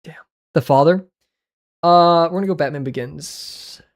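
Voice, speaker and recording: A man's voice: fairly high pitch, a little slow. A man chatting casually on a livestream while playing web games, reacting aloud with sudden yelps and mumbled asides. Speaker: art livestreamer.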